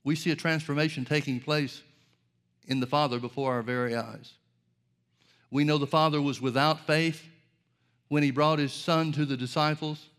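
A man's voice: a little high, fairly even intonation, normal speed, long pauses, a bit bright. A man preaching a sermon, earnest and direct, asking rhetorical questions and addressing his listeners as folks.

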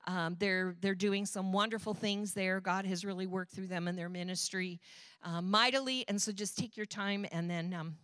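A woman co-pastor reads out the week's church announcements. Her voice is bright and crisp, recorded close and dry, and her delivery is loose and conversational, full of small fillers. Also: mid-range voice, steady tone, normal speed, dry recording.

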